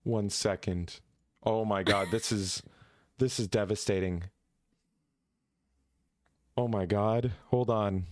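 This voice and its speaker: A man's voice: lowish voice, steady tone, slow pace, pauses often, dry recording, studio quality. A man co-hosting a podcast in goofy, theatrical casual chat, breaking into shrieks. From Canada. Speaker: podcast co-host.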